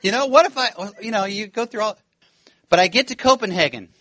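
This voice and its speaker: Male preacher, high bright voice, dry close sound, lively storytelling sermon. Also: brisk, no room sound. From United States. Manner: animated, laughing, acts out quoted voices. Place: church.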